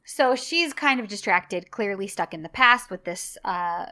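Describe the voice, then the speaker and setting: A woman chatting on a podcast, with a bright, sharp edge to her voice. She backs up her co-host with quick affirmations, then takes over to retell scenes in an eager, casual way. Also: medium pitch, lively intonation. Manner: affirming listener, eager recapper. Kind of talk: casual chat.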